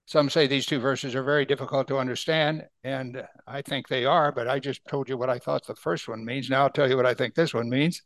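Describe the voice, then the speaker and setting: Gravelly preacher teaching from scripture. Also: male voice, medium pitch, fairly even intonation, fairly bright tone, no echo. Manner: explains Bible verses with rhetorical questions; slows down to read scripture aloud. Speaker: pastor. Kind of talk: sermon.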